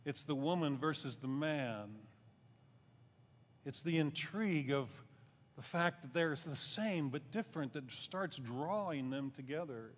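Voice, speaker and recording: At a measured pace, a man with a somewhat high voice preaches a sermon in a conversational way. His voice lifts for emphasis and falls low at the close of each idea. The audio has a long, hall-like reverb.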